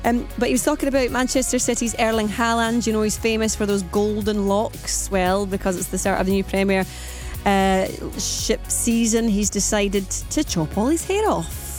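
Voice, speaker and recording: A woman's voice: mid-range voice, darkish tone, faint music behind. A woman presenting a morning radio phone-in, chatty and asking listeners lots of questions. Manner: chatty, asks rapid questions, reads out phone numbers.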